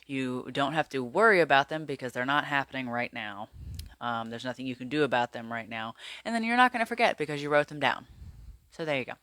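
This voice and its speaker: A man talks straight to camera in a loose, chatty way, leaning on filler words and pausing to check his notes. His voice is bright and clean. The sound is dry and close. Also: mid-range voice, clean tone, dry recording. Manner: rambling, filler-heavy, chatty; glances at notes while talking. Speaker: wellness vlogger. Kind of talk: casual talk to camera.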